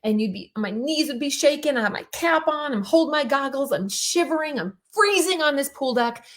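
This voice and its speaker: Animated middle-aged woman coach storytelling. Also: high-pitched, brisk. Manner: animated storytelling, emphatic repetition. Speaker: coach giving a talk. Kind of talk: motivational talk on a group call.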